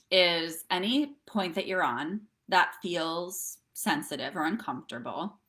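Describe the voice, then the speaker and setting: A woman's voice: lowish voice, a bit bright. A middle-aged woman coaching viewers through breathwork and tapping on a live stream, chatty and often checking in with "okay?" and "right?". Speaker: wellness coach.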